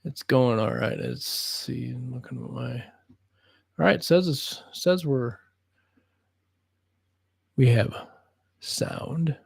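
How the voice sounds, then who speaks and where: Slow, gravelly-voiced man chatting on a livestream. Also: medium pitch, expressive, no echo. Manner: rambling, chats to his cat in a soft voice. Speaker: snake breeder livestreaming. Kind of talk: casual livestream chat. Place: room at home.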